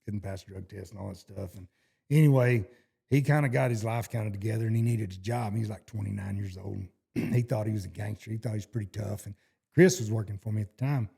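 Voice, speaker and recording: Gravelly low-voiced Texan man. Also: fast, warm tone. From Texas. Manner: rambling, restarts sentences, folksy cowboy yarn-spinning. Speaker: horseshoer guest. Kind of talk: casual storytelling interview.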